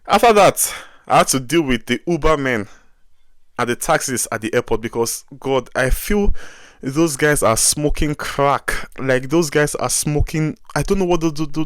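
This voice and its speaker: A young man with a Nigerian accent, telling a travel story in a casual vlog, animated and exasperated, with many asides. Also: medium pitch, dry recording, clean studio sound. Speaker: vlogger.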